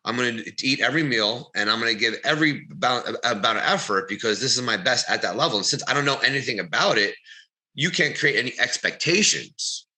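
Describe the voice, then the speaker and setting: Very bright-voiced man telling stories. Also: mid-range voice, fairly quick, rough recording. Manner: rambling, animated storytelling, swears. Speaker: podcast co-host, bodybuilder. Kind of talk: casual podcast chat, storytelling.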